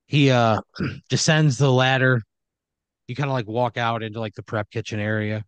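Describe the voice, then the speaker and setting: A man's voice: medium pitch, steady tone, normal speed, clear, resonant tone, no echo, muffled recording. A man improvising a comedic horror story for a player, talking casually, ramblingly and with profanity. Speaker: storyteller running the game.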